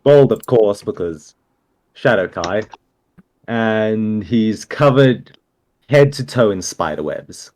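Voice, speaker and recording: A man's voice: on the low side, expressive, slow pace, a little mellow. A young man playing a tabletop game, jokey and playful in character. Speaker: player. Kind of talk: tabletop role-play.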